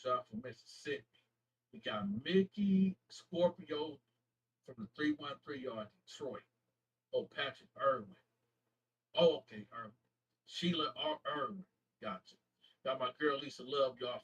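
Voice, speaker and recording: A man from Flint, Michigan, hosting his YouTube channel, casually shouting out viewers in slangy talk and stumbling over names as he corrects himself. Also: fairly high pitch, husky, distant mic, poor audio. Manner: slangy, halting name reading with self-corrections.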